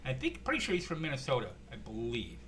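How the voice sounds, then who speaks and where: A man casually commenting over clips he plays, rambling and low-key with fillers. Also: wildly swooping pitch, normal speed. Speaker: channel host reacting to clips.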